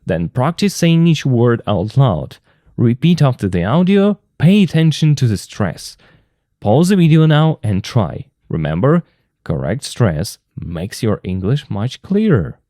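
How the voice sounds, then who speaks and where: A man whose first language is Russian, explaining an English textbook lesson slowly and carefully as a teacher. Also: mid-range voice, sing-song, mellow, no echo, studio quality.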